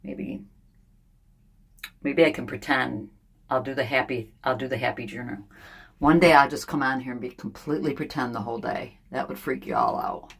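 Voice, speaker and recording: Older woman, low voice, blunt and confessional, casual vlog talk from a sauna. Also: big pitch swings, moderate pace, creaky, breathy edge. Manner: blunt, candid, venting, thinking out loud. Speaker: vlogger.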